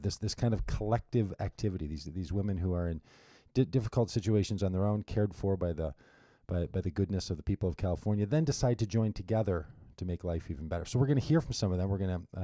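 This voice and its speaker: A man's voice: deep voice, fast talker, hardly any pauses, mellow, no echo. A man hosting his radio show alone, chatting casually and rambling with wry asides and restarts into a studio mic. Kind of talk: casual solo radio monologue.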